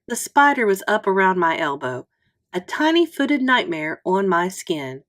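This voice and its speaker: A woman reading a children's chapter book aloud in an expressive, unhurried storytelling manner. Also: mid-range voice.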